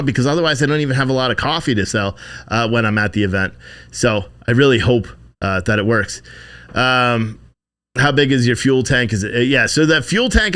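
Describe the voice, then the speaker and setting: A man's voice: medium pitch, a bit bright. A man hosting a live stream, chatting casually and rambling with heavy swearing while he thanks viewers for donations. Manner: profane, rambling, thanks donors by name. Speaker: livestream host.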